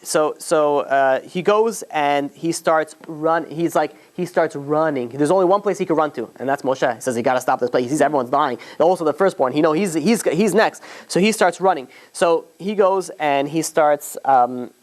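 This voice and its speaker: Male teacher telling the story to a class, conversational, halting, with plenty of "you know"s. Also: fairly high pitch. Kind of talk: informal storytelling lesson to students.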